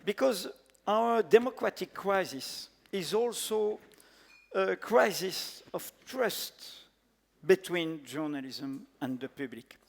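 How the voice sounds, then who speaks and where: A man with a French accent, a native French speaker, giving an earnest, emphatic panel talk in halting English with many fillers. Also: sits high, animated, creaky. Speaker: panel speaker, editor-in-chief. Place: large conference hall. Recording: echoey conference hall.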